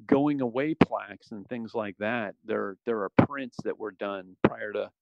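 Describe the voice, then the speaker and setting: A man's voice: lowish voice, a little slow, gravelly, highs cut off, a little hiss or hum. A man, a former special operations soldier, talking casually as an interview guest, rambling with many restarts and fillers. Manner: relaxed, rambling, frequent "you know" and restarts.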